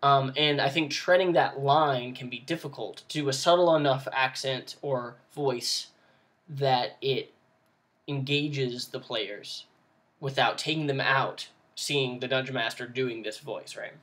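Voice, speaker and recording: A man's voice: medium pitch, fairly even intonation, unhurried, a bit bright. A young man hosting a casual tabletop role-playing tutorial, talking off camera with lots of ums and restarts. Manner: rambling, with many ums and restarts. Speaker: tabletop game tutorial host. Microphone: voice-over with no face shown.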